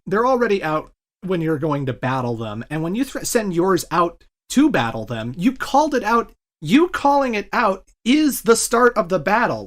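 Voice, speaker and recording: Enthusiastic man rambling about games. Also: high voice. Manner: enthusiastic, rambling gamer talk. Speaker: podcast co-host. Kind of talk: casual chat.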